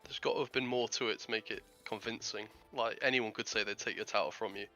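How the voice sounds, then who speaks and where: A man's voice: fairly low pitch, fairly even intonation, quick pace, bright, forceful tone, highs cut off, soft background music. A man playing in a tabletop game, asking pointed questions in casual chat. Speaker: player.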